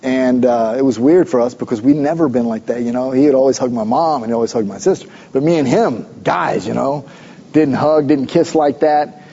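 A man's voice: mid-range voice, a little fast, vocal fry, dark tone, dull audio, slight background noise. A middle-aged man preaching a sermon, mixing conversational storytelling with emphatic exhortations. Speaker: pastor.

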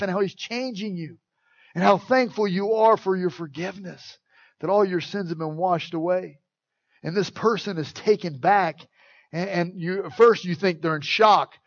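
A middle-aged male pastor delivers an animated sermon, slipping into playful acted-out voices and jokes. His voice sits high for a man. The recording is dry and a little muffled. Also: dry recording. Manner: animated, acts out quoted voices, jokes with the congregation.

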